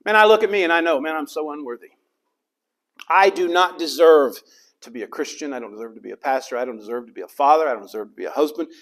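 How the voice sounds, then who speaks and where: Dramatic preaching pastor, man. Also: on the high side. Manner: dramatic, acts out the crowd's and Jesus' lines. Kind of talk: sermon.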